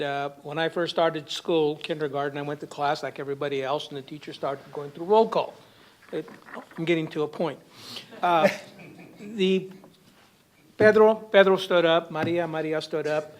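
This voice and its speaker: Brief: male panelist, slightly high voice, animated storyteller with humor. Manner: lively, humorous anecdote-telling with audience asides. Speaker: symposium panelist. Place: university symposium hall.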